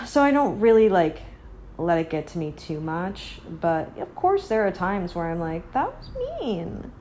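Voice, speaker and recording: A young woman giving a casual, sardonic opinion monologue as a podcast host. She rambles, leans heavily on "like," and slips into a mocking high baby voice when quoting others. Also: lively intonation, measured pace, a little mellow, a little hiss or hum. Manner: sardonic, rambling, heavy use of "like".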